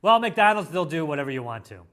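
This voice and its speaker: A man from the US hosting a casual food review, playful and excitable, with mock-dramatic asides. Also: fairly high pitch, quick pace, soft background music. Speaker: food show host.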